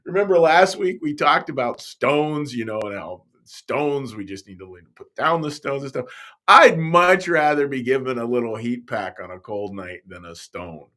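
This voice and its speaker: Pastor, male, mid-pitched voice that swoops and bounces, storytelling for little kids. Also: moderate pace. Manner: animated, playful storytelling voice that swings up and down, talking straight to kids. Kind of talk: telling a Bible story to young kids.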